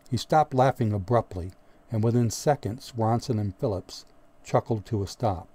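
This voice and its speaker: A male audiobook narrator reading a story in a steady, measured way. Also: fairly low pitch. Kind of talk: scripted narration.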